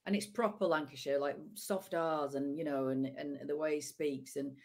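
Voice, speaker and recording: A woman comedian with a northern English accent, chatting fast and animatedly in a casual conversation. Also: low-pitched, steady tone, creaky, darkish tone. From northern England. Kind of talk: casual chat.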